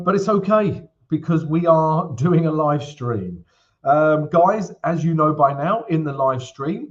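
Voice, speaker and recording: A man's voice: medium pitch, lo-fi sound. A man hosting a live trading stream, talking in an upbeat, chatty way as he walks through charts and greets viewers, often checking in with "right?". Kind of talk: casual live-stream chat and chart walkthrough.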